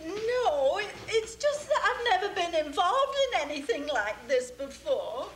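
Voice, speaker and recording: A woman's voice: very high-pitched, big pitch swings, a little slow, exaggerated voice. A woman playing a hesitant young grocery clerk in a stage play, giggly and unsure. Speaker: community theater actor. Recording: roomy stage recording, faint hiss.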